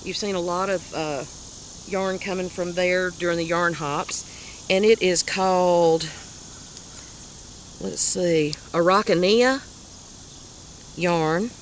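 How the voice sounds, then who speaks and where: A woman's voice: fairly low pitch, fairly even intonation, slow pace, pauses often. Southern woman host, chatty show-and-tell, laughs at herself, faint noise behind. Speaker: crochet podcast host. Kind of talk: casual show-and-tell chat.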